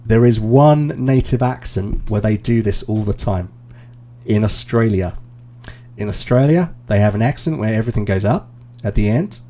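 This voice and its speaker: A British man, an IELTS teacher, giving relaxed, explanatory feedback in a live online class, with plenty of ums and uhs. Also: lowish voice, normal speed, slight background noise.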